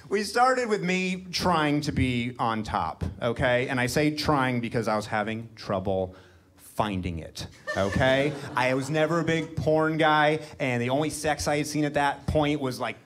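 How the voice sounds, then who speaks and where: A man doing stand-up comedy, telling a long personal story on a club stage, his voice jumping loud and high at punchlines. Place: comedy club stage before a live audience.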